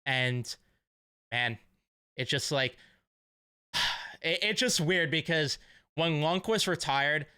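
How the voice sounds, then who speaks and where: A man's voice: fairly high pitch, slow, long pauses, sharp tone, clear, resonant tone, no echo, clean studio sound. A young man hosting a sports fan vlog, talking in a casual, emotional, rambling way full of fillers. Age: young adult. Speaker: sports fan channel host.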